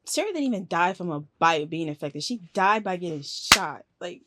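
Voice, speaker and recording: A woman's voice: fairly low pitch, lively intonation, moderate pace, sharp tone. Woman, reaction video host, casual commentary, slangy, emotional, faint background noise.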